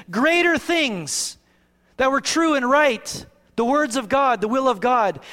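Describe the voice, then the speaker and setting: High-voiced pastor preaching in a reverberant hall. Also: male voice. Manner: swings from hushed to raised, preacherly emphasis. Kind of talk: sermon.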